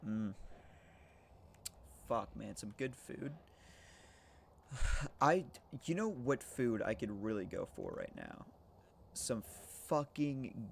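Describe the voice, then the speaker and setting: Chatting with viewers over a game stream, a man with a fairly low, gravelly voice takes it slowly and pauses often, yet stays animated. He rambles, jokes, swears, laughs often, and talks to chat, with a little hiss or hum in the recording.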